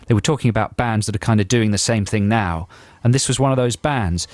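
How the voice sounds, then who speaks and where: A man's voice: fairly low pitch, fairly quick, dry recording. An English man co-hosting a radio show in a studio, chatting enthusiastically and casually about music. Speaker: radio co-host. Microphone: studio microphone.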